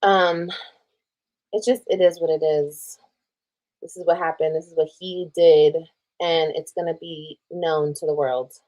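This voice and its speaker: A woman's voice: sits low, fairly even intonation, unhurried, darkish tone. A woman retelling a personal drama on a casual livestream, reading old texts aloud, swearing freely and reacting as she scrolls. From Texas. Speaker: streamer telling a personal story.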